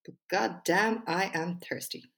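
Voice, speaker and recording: A woman's voice: fairly low pitch, steady tone, measured pace, creaky, a bit bright. A woman hosting her own podcast, chatting frankly and with self-deprecating humour before reading a speech of hers aloud in an emphatic style. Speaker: podcast host and small business owner.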